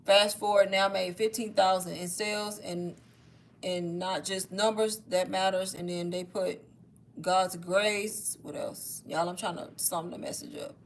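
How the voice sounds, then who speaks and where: Young woman doing a casual livestream pitch, chatty, kinda out of breath, "y'all" every other line. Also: flat delivery, measured pace, slight background noise. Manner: chatty, says "y'all" constantly. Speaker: online course seller hosting a livestream.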